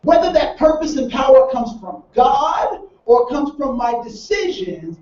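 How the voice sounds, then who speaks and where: High-voiced male trainer in echoey room. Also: very animated, measured pace, a little mellow, a little hiss or hum. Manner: storytelling with rhetorical questions to the audience. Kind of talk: training seminar talk. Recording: roomy, distant, dull sound.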